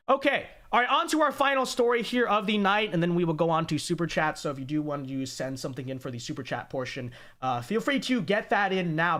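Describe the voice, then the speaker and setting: A man's voice: high voice, fairly bright tone. A man hosting a political commentary livestream, talking in a sarcastic, mocking way with joking asides. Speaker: host.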